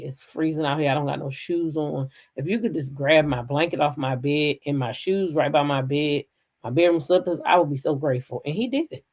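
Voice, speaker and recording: A middle-aged woman with a low speaking voice tells a personal story straight to her viewers. Her pitch leaps and dives as she drops to hushed asides, then bursts out loud, swearing freely. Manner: animated, profane, swings from hushed to loud outbursts. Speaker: storyteller recounting a police raid.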